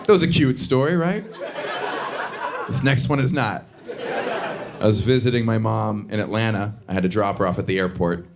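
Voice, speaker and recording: A man from the Southern US performing a stand-up comedy set on a theater stage, with a sardonic, punchy delivery and sudden high-pitched outbursts. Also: moderate pace, pauses often, crowd noise. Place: theater stage before a live audience. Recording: live stage recording with audience noise.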